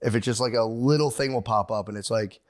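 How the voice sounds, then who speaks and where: A man's voice: fast, no echo, clean studio sound. Rambling man, bursts into yelps. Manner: rambling, acts out quotes with sudden high yelps. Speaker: podcast co-host. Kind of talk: casual comedic chat.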